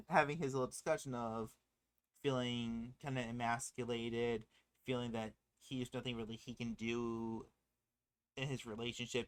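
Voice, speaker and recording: A movie commentator in a casual spoiler rant, rambling and cutting in on themself with laughing asides, and getting loud and excited when frustrated. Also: mid-range voice.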